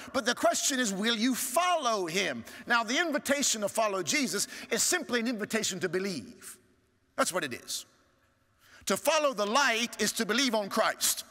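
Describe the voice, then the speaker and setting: A male pastor preaching a sermon, swinging from strong rising appeals to hushed, low asides. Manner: preaching with sweeping rises and hushed drops. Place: large church sanctuary. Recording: church hall reverb.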